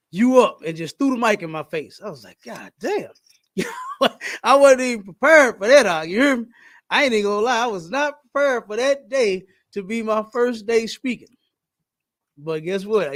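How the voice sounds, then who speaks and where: A man hosting a podcast in casual chat, talking in an emphatic, preachy way and repeating his points. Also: sits high. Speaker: podcast host.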